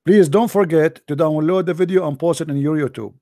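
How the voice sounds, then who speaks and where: A man hosting a heated call-in debate, mocking and combative, his voice going hoarse. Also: a little high, brisk, few pauses, warm tone. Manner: mocking, combative, repeats himself. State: losing his voice. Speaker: debate show host.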